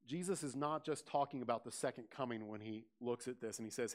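A man's voice: medium pitch, a little fast. A man preaching a sermon, asking his congregation direct questions and lifting his voice on quoted scripture. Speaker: pastor.

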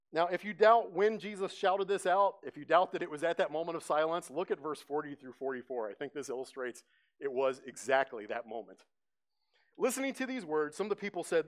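A man preaching in an animated storytelling way, his voice sitting a little higher than most men's. He brings the scene to life by acting out the crowd's voices as he teaches. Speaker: pastor. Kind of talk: sermon teaching.

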